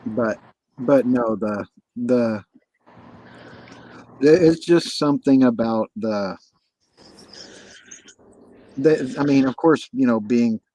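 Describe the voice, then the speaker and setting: A man hosting a casual chat on a livestream, talking in halting bursts full of false starts and repeats. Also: medium pitch, dark tone, low-quality recording. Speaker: host. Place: livestream call.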